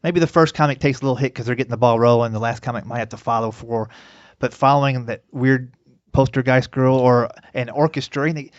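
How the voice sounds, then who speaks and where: A man's voice: mid-range voice, fairly even intonation, fairly quick, no room sound. A male podcast host in casual conversation, adding his own reflections between brief replies. His voice sits in the middle range. The recording is dry and a bit lo-fi. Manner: brief backchannels and reflective comments. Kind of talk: casual interview chat. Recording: dry, slightly dull lo-fi audio.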